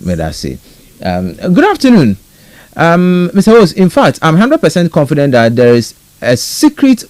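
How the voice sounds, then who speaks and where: A man with a Ghanaian accent hosting a live radio talk show and briskly reading out listener messages. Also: mid-range voice, no echo. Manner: brisk, lively read-out with a rising greeting tone. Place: radio studio.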